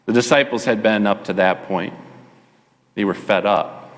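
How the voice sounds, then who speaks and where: Pastor guy preaching, kinda high voice, acts the story out, long echo off the church walls. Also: very animated, a little fast, a bit bright. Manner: chatty asides to the congregation. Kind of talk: sermon. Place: church sanctuary. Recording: long reverb of a church hall.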